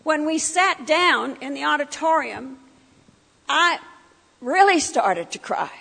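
A middle-aged guest speaker shares her testimony at a church breakfast, vividly acting out other people's words. She speaks slowly in a high, animated, creaky and sharp-toned voice, with long reverb from the church meeting hall.

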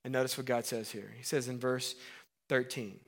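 A man preaching a sermon, animated and acting out the voices of Bible figures, dropping to a low hush for emphasis. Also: moderate pace. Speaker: pastor.

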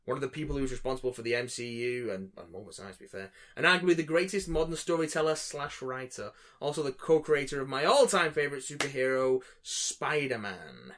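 A man's voice: medium pitch, expressive, fairly quick, few pauses, a bit bright. A man co-hosting a casual podcast, reading listener emails aloud with joking asides. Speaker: podcast co-host.

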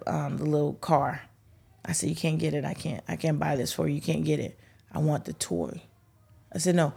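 A woman's voice: deep voice, creaky, husky. A middle-aged woman telling funny family stories on a talk show, acting out the voices of the people in them. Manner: animated, acts out voices in her stories. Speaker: guest, host's mother. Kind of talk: casual storytelling.

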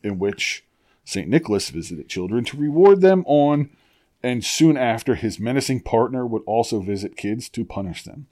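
Man, podcast co-host, reads aloud, giggly asides, lively swooping pitch. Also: normal speed. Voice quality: profane, joking asides. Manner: giggly, laughs through his reading and breaks off often. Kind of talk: casual chat, reading an article aloud.

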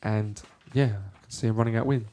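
A podcast host leads a casual football chat with friends, going through the week's fixtures in an easy, matter-of-fact way and offering dry opinions along the way. His voice is on the low side and warm, and he talks a little fast.

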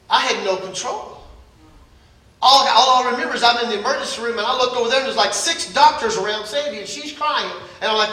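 A man's voice: very high-pitched, a little fast, pushed and bright, roomy sound, recorded from a distance, low-quality recording. An older man preaching a sermon as pastor, repeating phrases with rising urgency. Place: church sanctuary.

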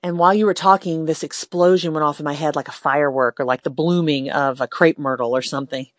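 A woman's voice: low-pitched, fairly even intonation, quick pace, no echo. A middle-aged woman hosting a talk show, speaking in a heartfelt, reflective way and sounding close to tears. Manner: heartfelt, reflective, a bit emotional. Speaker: radio host. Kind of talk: casual faith-based talk.

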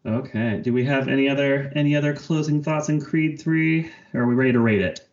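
A man hosting a podcast in casual chat, lively, laughing often and stumbling over restarts. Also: medium pitch, fairly quick, lo-fi sound. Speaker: podcast host.

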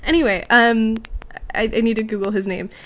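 Woman podcast co-host, casual recap chatter, a bit high-pitched, quick jokey asides. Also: steady tone. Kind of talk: casual chat recapping a sitcom episode.

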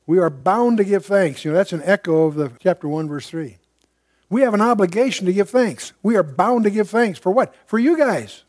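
High-voiced older man teaching Bible. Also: animated, brisk, darkish tone, dry recording, clean studio sound. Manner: conversational, digressive, emphatic asides. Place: room with a live audience.

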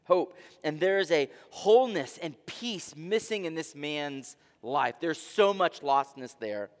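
A man pastor preaching a dramatic sermon, with rhetorical questions and swings between soft and loud delivery. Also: fairly high pitch, lively intonation, a little slow. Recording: long reverb of a large hall.

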